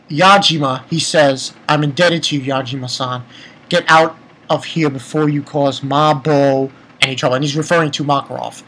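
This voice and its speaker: A man giving a casual, excitable manga chapter review, retelling scenes and breaking into profane rants. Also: a little high, poor audio.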